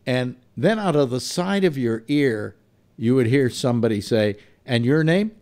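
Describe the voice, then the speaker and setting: A man hosting a casual panel chat, telling lively stories and laughing often. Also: mid-range voice, moderate pace. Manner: animated storyteller, laughs often. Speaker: host.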